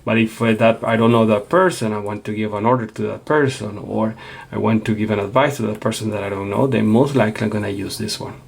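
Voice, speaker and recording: A man's voice: fairly low pitch, steady tone, quick pace, gravelly, breathy edge. A man teaching a Spanish lesson, explaining patiently and checking in with a frequent "okay?". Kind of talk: classroom lecture.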